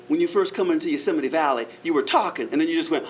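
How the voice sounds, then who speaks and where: A man's voice: on the high side, animated, racing, few pauses, a little hiss or hum. A man, a park ranger, telling a first-person historical character story to a live audience in a theatrical, playful way, with frequent chuckles and asides to the listeners. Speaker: park ranger giving a living-history talk.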